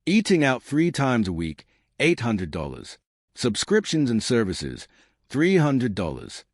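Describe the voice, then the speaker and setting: A man's voice: medium pitch, huge pitch swings, unhurried, dry recording, clean studio sound. A man giving scripted first-person narration about personal finance, reading out dollar figures with an emphatic, punchy delivery.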